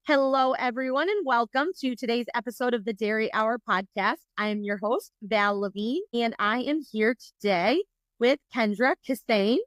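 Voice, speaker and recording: A woman hosting a podcast interview, bubbly and talkative with quick asides. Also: a little high, fairly bright tone, no echo, studio quality. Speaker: podcast host.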